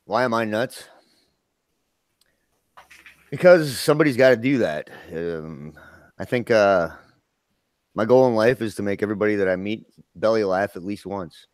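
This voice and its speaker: A man's voice: fairly low pitch, expressive, moderate pace, long pauses, no echo. A man, chatting casually as a guest and laughing often. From Minnesota. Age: 50s. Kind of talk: casual live-stream chat.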